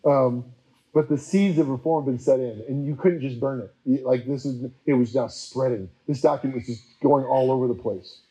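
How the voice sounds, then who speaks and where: A man preacher giving a casual, chatty history talk, full of fillers and quickly acted-out quotes. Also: medium pitch, mellow, poor audio.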